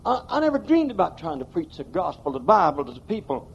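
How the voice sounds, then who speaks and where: Folksy gravelly preacher man. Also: on the high side, very animated, quick pace, highs cut off, slight background noise. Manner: folksy, emphatic, plain rural grammar. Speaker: pastor. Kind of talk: sermon. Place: church.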